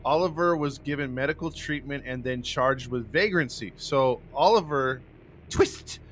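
A man's voice: medium pitch, unhurried, slight background noise. A man hosting a live podcast, reading a true-crime case in casual chat and laughing between passages. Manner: laughs often, breaks into loud joking voices. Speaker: podcast host.

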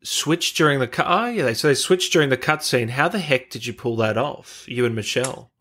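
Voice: medium pitch, animated, a little fast, a bit bright. An interview host reading out viewer questions and praising the guest enthusiastically. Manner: enthusiastic, complimentary.

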